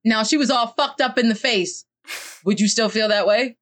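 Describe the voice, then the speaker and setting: A woman casually discussing a book with a co-host, expressive and quick with sassy interjections. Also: fairly high pitch.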